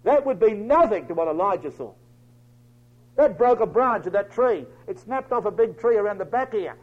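A man preaching a dramatic storytelling sermon, swinging from loud declaiming to hushed near-whispers. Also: high-pitched, expressive, moderate pace. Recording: dull lo-fi recording.

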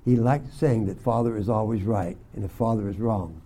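An older man teaching a Bible school class, telling folksy stories and often clearing his throat. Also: fairly low pitch, normal speed, warm tone. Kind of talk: sermon to young students.

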